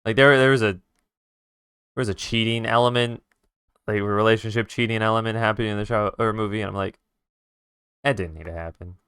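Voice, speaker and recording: Male streamer, casual and profane storyteller, smooth voice, dry close mic. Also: lowish voice, fast, dry recording. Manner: animated, profane retelling with sound effects.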